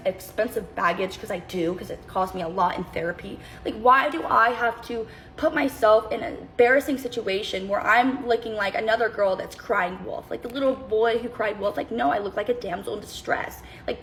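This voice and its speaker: A young adult woman with a slightly high voice tells a personal story in a casual storytime, speaking a little fast with hardly any pauses. She rambles, cuts herself off, and jumps between tangents, on a low-quality recording with slight background noise.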